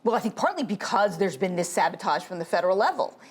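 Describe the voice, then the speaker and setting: Animated woman explaining health policy. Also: mid-range voice, husky. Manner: explanatory, measured. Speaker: guest, health policy expert. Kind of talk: TV interview.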